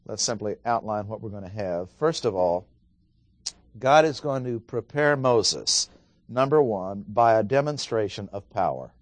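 A man's voice: lowish voice, no room sound. Man teaching a Bible study, dry sound. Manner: conversational, asks the audience questions.

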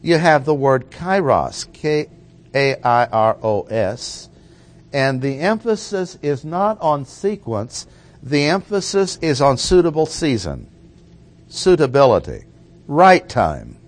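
A man gives an expository Bible teaching at an unhurried pace. He lands his points deliberately and repeats key phrases for emphasis. His voice sits in an ordinary middle register. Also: medium pitch, very animated. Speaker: preacher.

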